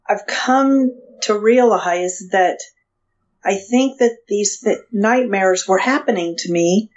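A woman speaks slowly and hesitantly, often restarting her sentences as she tells a personal story. Her pitch sits in the middle of the range. The sound is dull and lo-fi. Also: darkish tone. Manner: hesitant, halting with restarts and fillers. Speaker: guest.

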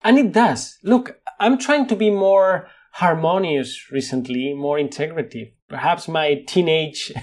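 Spanish-accented man, lively and reflective. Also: fairly high pitch, measured pace, hardly any pauses. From Spain. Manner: animated, restarts often, laughs at himself. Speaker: guest, neuroscientist. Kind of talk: thoughtful interview conversation.

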